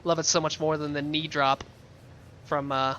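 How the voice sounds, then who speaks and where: A chatty man rambles playfully through a game session, his voice bright and slightly high. He jokes and muses in loose, casual commentary. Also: flat delivery, normal speed, muffled recording, a little hiss or hum. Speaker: let's play gamer.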